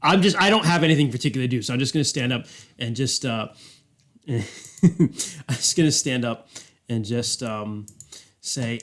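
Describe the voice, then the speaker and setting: A man's voice: mid-range voice, moderate pace, pauses often, a bit bright. A man playing a tabletop game, goofy and jokey. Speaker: player.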